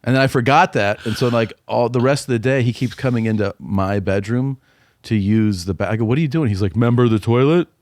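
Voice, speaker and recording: A man co-hosting a podcast, telling a story in a casual, animated way, swearing freely and yelling in the quotes, on a close studio mic. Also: on the low side, brisk, no room sound. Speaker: podcast co-host.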